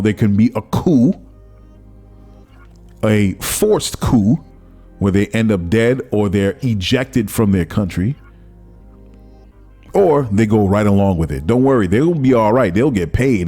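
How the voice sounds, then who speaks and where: Host type: guy, low-ish voice, fired-up solo commentary, faint music bed underneath. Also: lively intonation, a little slow, dark tone. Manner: impassioned, ranting, rhetorical questions. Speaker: podcast host.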